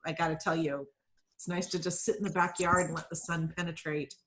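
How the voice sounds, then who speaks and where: A woman's voice: low voice, little pitch movement, fairly quick, fairly bright tone. A woman hosting a casual video call, chatting and greeting each guest by name as they join from home. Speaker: founder and host of a networking call. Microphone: computer mic on a video call.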